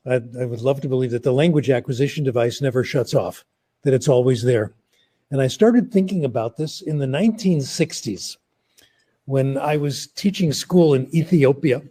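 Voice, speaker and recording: An older man explaining an academic idea through relaxed, conversational anecdotes. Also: mid-range voice, slightly rough. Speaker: guest speaker.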